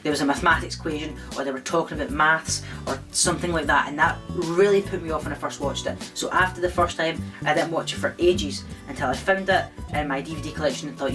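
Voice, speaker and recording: A man's voice: a little high, fast, hardly any pauses, music in the background. A man talking casually to camera, reviewing his favourite film in a chatty way full of "don't get me wrong" asides. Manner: chatty, repeats "don't get me wrong" and "I'm not gonna lie".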